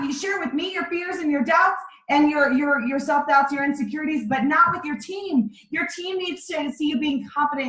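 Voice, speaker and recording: A woman with a high voice gives her team a pep-talk training over a video call. She talks in a direct, emphatic way that pushes her listeners. The sound is roomy, with echo off the walls. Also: fairly bright tone. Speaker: sales team leader. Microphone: video call microphone.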